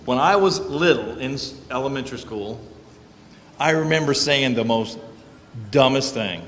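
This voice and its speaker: A man's voice: medium pitch, expressive, normal speed, slight background noise. Man preaching in an echoey church. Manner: folksy storytelling, joking asides. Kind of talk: conversational sermon. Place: church sanctuary.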